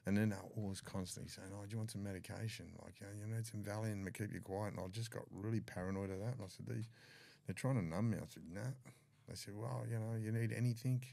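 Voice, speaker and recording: Older man, Australian accent, dark gravelly voice, blunt storytelling. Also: fairly low pitch, fairly even intonation, fast, dry recording. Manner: blunt, swears freely, acts out dialogue. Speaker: podcast guest. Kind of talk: candid storytelling.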